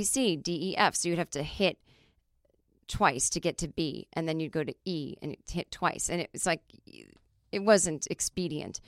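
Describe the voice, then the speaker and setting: A middle-aged woman hosting a podcast, telling stories in a chatty, animated way with lots of fillers. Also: on the low side, no echo, studio quality. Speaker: podcast host. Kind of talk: casual comedic monologue.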